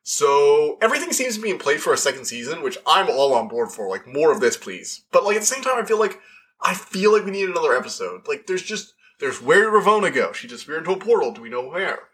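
A man talking casually and excitedly as a podcast reviewer, rambling with lots of fillers and restarts. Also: fairly high pitch, fast.

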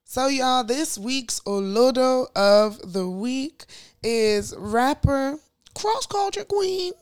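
Woman, podcast co-host, chatty gossip, slightly high voice, dry sound. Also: expressive, clean tone, dry recording. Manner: chatty and gossipy, quick to laugh. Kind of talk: casual chat.

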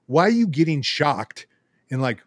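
A man's voice: fairly high pitch, normal speed, no room sound, studio quality. A man telling a story in casual podcast chat, swearing a lot and acting out the voices of the people in it. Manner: profane, animated, acts out voices in his stories.

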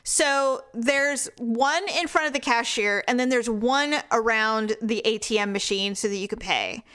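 A young woman from Northern California co-hosts a relaxed conversation. She tells stories in an animated way and laughs often. Her voice sits a little high. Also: a little slow, clear, resonant tone. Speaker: podcast co-host. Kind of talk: casual chat.

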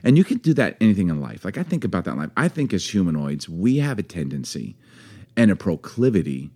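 A man's voice: deep voice, quick pace. A man in casual chat with his wife, acting out phrases in different voices and laughing often. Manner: animated, acts out lines in put-on voices, laughs often. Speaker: podcast co-host with his wife.

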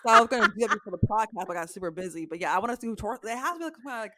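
A woman co-hosting a podcast in a casual chat, animated and chatty, swearing freely. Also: medium pitch, very fast, heavy background noise. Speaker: podcast co-host.

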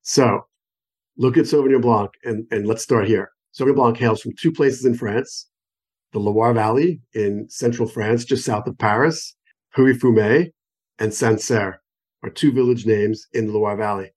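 This man from the United States, a wine expert guest on the phone, talks at a normal speed in a medium-pitched, darkish voice. He explains in an enthusiastic, rambling, example-heavy way, as in a conversational interview.

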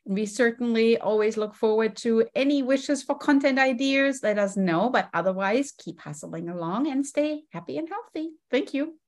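A woman's voice: fairly high pitch, normal speed, few pauses. A woman hosting a podcast, chatting upbeat in an interview with frequent ums. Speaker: podcast host. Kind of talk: casual interview chat.

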